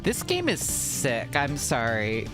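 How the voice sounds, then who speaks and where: A woman streamer with a Mid-Atlantic accent and a hint of Baltimore in her vowels chats loosely while she plays. Her pitch swings widely from line to line as she rambles through answers to chat, with game music playing underneath. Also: wildly swooping pitch, slow. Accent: Mid-Atlantic American with a touch of Baltimore. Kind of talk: casual live-stream chat while gaming.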